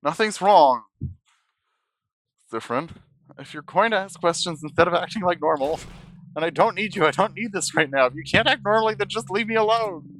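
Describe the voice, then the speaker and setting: A man voicing a tense, cornered young traveler who lashes out with bitter, defensive shouting as he reads game dialogue aloud. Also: a little high, very animated, brisk. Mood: angry, lashing out.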